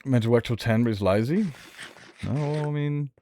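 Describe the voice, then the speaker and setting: A man's voice: medium pitch, moderate pace, dark tone, slight background noise. A man streaming a game, chatting casually in a rambling way, answering chat with many restarts. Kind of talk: casual chat while gaming.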